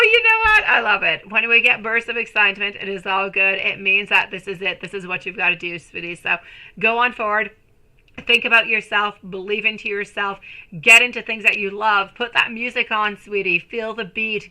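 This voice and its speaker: Bright-voiced gushing woman tarot reader. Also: mid-range voice, rough recording. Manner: affectionate, calls viewers sweetie and my lovely; gushing, excited bursts. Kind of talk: live-stream chat with viewers.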